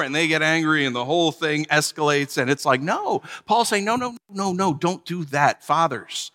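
A man's voice: on the high side, fairly quick, few pauses, sharp tone. A man preaching a sermon as pastor, conversational and joking, acting out small stories. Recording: long hall reverb.

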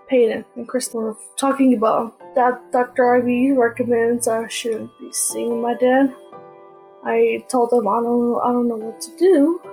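A woman's voice: fairly high pitch, warm tone, rough recording. A woman hosting her own podcast, telling personal stories in earnest, plain short sentences. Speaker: podcast host. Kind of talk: casual personal storytelling.

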